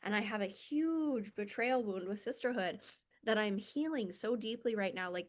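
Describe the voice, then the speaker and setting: A woman coach talking in a casual, reflective monologue. She sounds earnest and confessional and uses many filler words. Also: medium pitch. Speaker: spiritual self-development coach.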